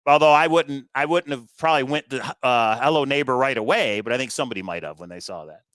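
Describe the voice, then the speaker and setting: A man hosts a treasure hunt video in a relaxed, rambling way, thinking aloud and filling pauses as he explains his reasoning. His voice sits in a middle pitch. The recording is dry, with no room sound. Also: no room sound. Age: adult with kids. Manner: chatty, thinking aloud, frequent fillers. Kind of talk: casual walkthrough commentary.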